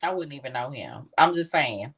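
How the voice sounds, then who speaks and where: A woman's voice: rumbling low, lively intonation, normal speed, husky. A woman co-hosting a live podcast, talking sassy and emphatic in casual banter. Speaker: co-host.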